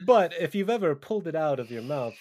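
A man's voice: on the high side, very animated, quick pace, darkish tone. A man co-hosting a podcast, rambling in loose chat full of "like" and restarts. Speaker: podcast co-host. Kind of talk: casual podcast banter.

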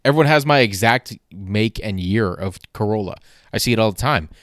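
A young man tells a rambling, exasperated comedic story, swearing casually as he goes. His voice sits a little low and sounds smooth and clear. The recording is dry and close, with no room sound. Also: animated, fairly quick, fairly bright tone, dry recording. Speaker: podcast host.

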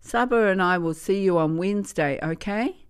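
A woman voicing a caring grandmother who chats brightly and reassuringly on the phone. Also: medium pitch, moderate pace, smooth, voice pushed up, natural voice. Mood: cheerful.

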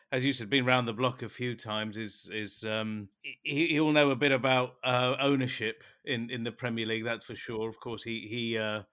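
A man's voice: medium pitch, bright, forceful tone. A man co-hosting a casual sports chat, teasing and chatty in his banter. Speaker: sports show co-host.

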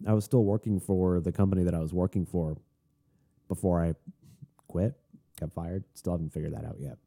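A young man from Florida, hosting a podcast, tells a rambling, animated story in a casual rant with frequent restarts and asides. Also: deep voice, a little fast, vocal fry. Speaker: podcast host. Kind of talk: casual ranting monologue.

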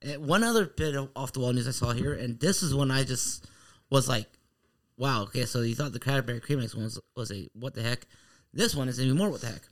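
A man's voice: mid-range voice, fairly quick. A man co-hosting a wrestling podcast, rambling through odd news stories in casual chat. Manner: rambling, laughs along, slips into put-on voices. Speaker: podcast co-host reading news.

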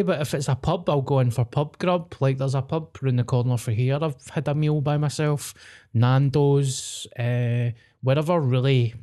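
Blunt man with a mellow voice. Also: medium pitch. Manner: blunt, sweary, mocking. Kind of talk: casual chat.

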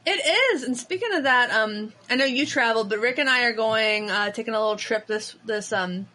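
Bright, chatty woman podcaster. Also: on the high side. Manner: chatty, animated storytelling with quick asides. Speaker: podcast co-host. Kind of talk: casual chat.

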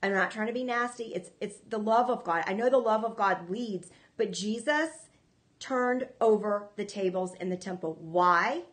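A woman's voice: medium pitch, normal speed. A woman hosting a ministry show, preaching to viewers in an earnest, emphatic way, often repeating herself. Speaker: ministry host.

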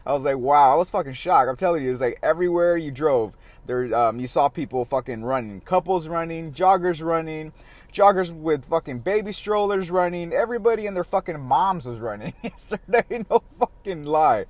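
A man's voice: a little high, animated, normal speed, no echo. A man hosting a casual solo podcast, rambling in a profane, laughing, chatty way. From San Diego area. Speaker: podcast host.

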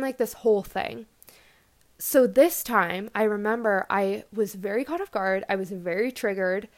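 Young woman, slightly high voice, casual self-help talk, reflective, gentle, conversational. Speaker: podcast host and coach.

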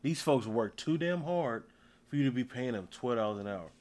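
A man's voice: mid-range voice, expressive, normal speed, a little mellow. A man from the United States in casual, profane chat, firing off rhetorical questions.

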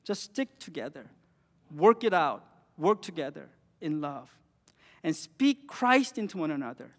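A man with a high voice preaches a sermon, pressing points with rising emphasis and then sinking to near-quiet lines. The sound carries a long reverb from a large church hall. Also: sing-song, a little slow. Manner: earnest, rising emphatic phrases with quiet drops.

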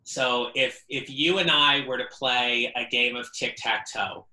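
A man's voice: medium pitch, steady tone, measured pace, bright, forceful tone, echoey room, rough recording. A man speaking as an interview guest, earnest and reflective, often repeating words as he thinks. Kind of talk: casual interview.

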